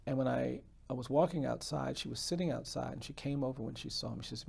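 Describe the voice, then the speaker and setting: A man, a defense attorney, telling a story in an interview in an earnest, measured way. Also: medium pitch, creaky, darkish tone, husky.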